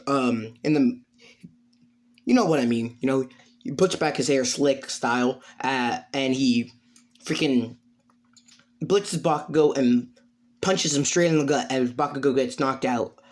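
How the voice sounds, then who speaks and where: Male storyteller improvising a fan tale, rambling, filler-heavy. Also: medium pitch.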